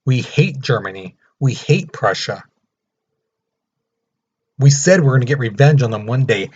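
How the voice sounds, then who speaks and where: Vengeful gleeful France, done by a male teacher, husky voice, lo-fi. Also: medium pitch, animated, a little slow. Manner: gleeful, eager for revenge.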